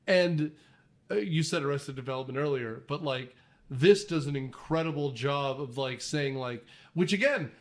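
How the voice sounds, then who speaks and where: A man hosting a casual movie podcast, animated and jokey, with frequent swearing and asides. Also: medium pitch, normal speed. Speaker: podcast host.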